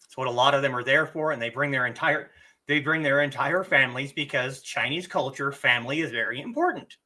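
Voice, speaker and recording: A livestream host giving a casual lesson, speaking slowly and deliberately and often clearing their throat, a bit hoarse from a cough. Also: mid-range voice, pushed and bright.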